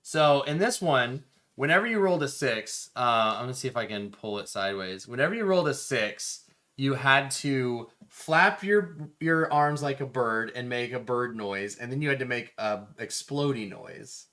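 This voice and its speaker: A man co-hosting a casual board game stream, excitable and rambling, laughing often. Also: mid-range voice, moderate pace. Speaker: podcast co-host. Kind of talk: casual chat about board games.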